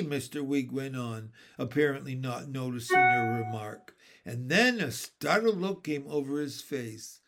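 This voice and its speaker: A man reading a children's story aloud as narrator, expressive and unhurried. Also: mid-range voice, soft background music. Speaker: audiobook reader.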